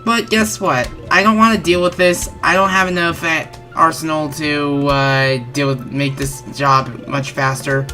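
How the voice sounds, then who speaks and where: Low-voiced, stuffy woman commentating a game. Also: steady tone, a little slow, hardly any pauses, bright, forceful tone, soft background music. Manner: rambling, often self-correcting. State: stuffy, a bit congested. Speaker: gaming channel host. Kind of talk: let's-play game commentary.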